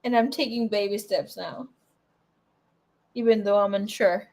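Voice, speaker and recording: This young adult woman speaks in a mid-range, darkish voice, a little slow, with fairly even intonation. Reading tarot casually, she's chatty and emotional, cursing, laughing and tearing up as she goes.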